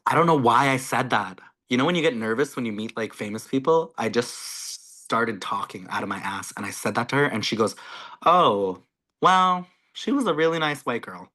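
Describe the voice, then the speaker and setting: A Canadian man, a content creator speaking as a guest, chatting casually and excitedly on a video call, full of "like" and "you guys". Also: medium pitch, brisk, hardly any pauses.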